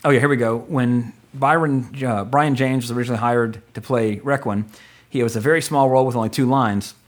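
A man co-hosting a casual movie podcast, rambling through trivia and getting excited and joking as he goes. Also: medium pitch, a little fast. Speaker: podcast co-host.

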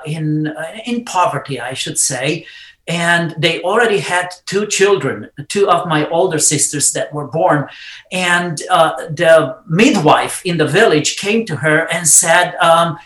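An older man with a clear Romanian accent speaks fervently and deliberately, like a preacher telling his story. His voice sits high for a man and sounds bright and slow-paced. He is recorded in a roomy space with a noticeable echo. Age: around 60. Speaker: immigration lawyer and podcast guest. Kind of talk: passionate conversational storytelling.

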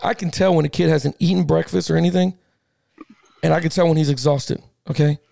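High-pitched, gravelly, animated man. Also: fairly quick, no echo, clean studio sound. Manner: animated, fired-up storyteller who laughs often; slangy, repeats himself. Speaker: podcast co-host. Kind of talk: casual sports podcast chat.

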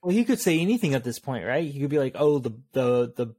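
A man co-hosting a casual movie podcast, musing aloud in a relaxed way. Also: medium pitch, quick pace. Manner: relaxed, thinking aloud with fillers. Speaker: podcast co-host.

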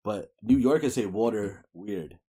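A man's voice: fairly low pitch, a little slow, mellow, breathy edge. A young man with a New York accent, chatting casually as an interview guest, slangy and laid-back with many fillers. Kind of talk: casual chat.

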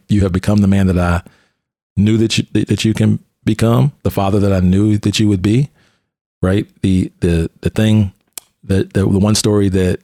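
A man hosting a conversation, a police officer and mentor telling a story in an animated way and often restarting his phrases. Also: on the low side, no room sound, studio quality.

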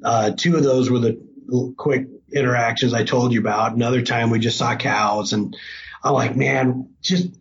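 A middle-aged man sits at an average pitch and tells a hunting tale in a loose, casual way, slipping into lively, excited quotes. The recording sounds a little dull, with a faint hiss underneath. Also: moderate pace. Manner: animated, breaks into excited quoting. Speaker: hunting guest. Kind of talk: casual storytelling.

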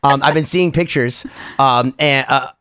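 A man from the United States hosting a casual podcast, talking in an animated, rambling, jokey way and swearing freely. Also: mid-range voice, a little slow, smooth, dry recording, clean studio sound. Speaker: podcast host.

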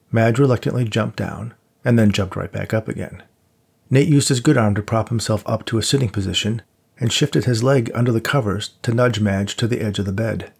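A man with a low, gravelly voice reads a novel aloud. His tone is husky and a little rough at the edges. He keeps a steady, measured pace and shifts his voice slightly for the characters. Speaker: audiobook narrator. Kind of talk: scripted narration.

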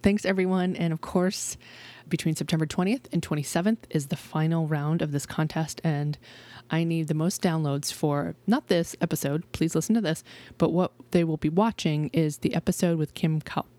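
A woman's voice: deep voice, steady tone, moderate pace, few pauses, dark tone. A woman in her thirties hosting her own podcast, talking in a chatty, bubbly way with many fillers. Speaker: podcast host. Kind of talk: casual podcast intro and interview.

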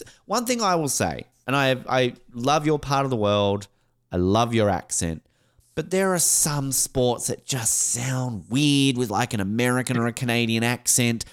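A man from Australia co-hosting a casual soccer podcast, animated and joking, with quick asides. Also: mid-range voice. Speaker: podcast co-host. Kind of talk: casual sports podcast chat.

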